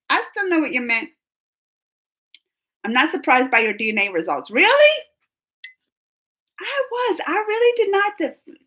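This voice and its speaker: Bright, high-voiced, chatty woman. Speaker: reaction channel host reading live chat. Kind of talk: casual live-stream chat.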